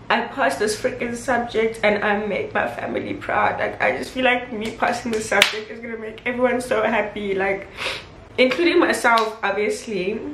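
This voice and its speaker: A woman's voice: mid-range voice, a bit bright. A young woman, chatting casually and emotionally in a home vlog. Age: 20s. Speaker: vlogger. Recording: roomy with faint background noise.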